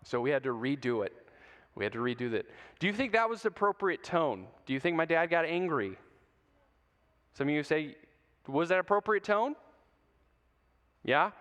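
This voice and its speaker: A man's voice: a little high, very animated, a little fast, a bit bright. A man giving a playful talk to middle schoolers, telling stories and asking the audience questions. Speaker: youth speaker. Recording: long hall reverb.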